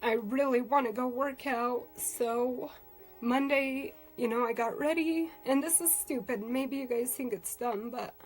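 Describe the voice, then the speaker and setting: Tearful soft-spoken woman. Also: a little high, unhurried, faint music behind, rough recording. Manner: emotional, tearful, rambling with many fillers. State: crying. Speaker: vlogger doing a live stream. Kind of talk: casual live-stream chat.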